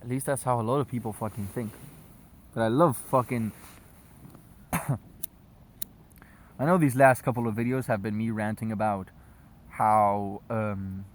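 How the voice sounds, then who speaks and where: A man's voice: lowish voice, steady tone, unhurried, pauses often. A man vlogging outdoors on his phone at sunset, rambling loosely with constant swearing. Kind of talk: casual rambling rant to camera.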